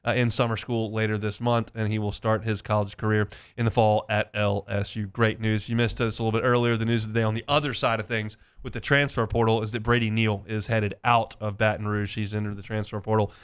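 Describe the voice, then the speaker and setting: Guy on sports radio, smooth clear voice, rattling off stats casual-like. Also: fairly low pitch, flat delivery, fairly quick, hardly any pauses. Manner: conversational, rattling off stats and recruiting news. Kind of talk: sports talk and live-read ads.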